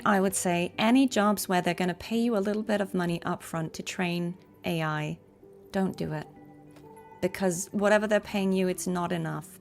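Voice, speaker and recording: A woman's voice: mid-range voice, creaky. A woman, a voice actor and streamer, chatting casually while gaming and giving earnest advice with frequent ums.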